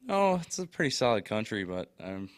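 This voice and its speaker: A young man being interviewed as a drafted player, quiet and polite with short answers. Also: lowish voice, sing-song, moderate pace, smooth, no echo, studio quality.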